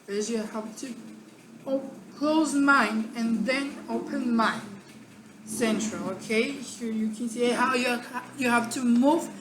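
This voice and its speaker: Slow, deliberate woman teaching pronunciation. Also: on the high side, steady tone, background noise. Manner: deliberate, repeats words for demonstration. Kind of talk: pronunciation lesson. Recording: echoey room with faint background ambience.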